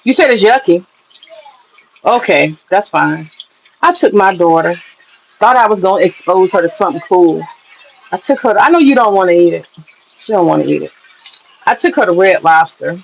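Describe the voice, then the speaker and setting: A woman's voice: fairly low pitch, expressive, normal speed, vocal fry, pauses often, lo-fi sound, slight background noise. A woman telling stories and cooking in a casual vlog, chatty and profane. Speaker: cooking vlogger.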